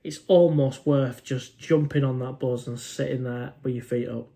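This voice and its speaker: A man's voice: mid-range voice, fairly even intonation, normal speed, creaky, warm tone, a little hiss or hum. Chatty English man reading viewer comments. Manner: chatty, informal, says "mate" often. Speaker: live stream host. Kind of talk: casual live stream chat reading viewer comments.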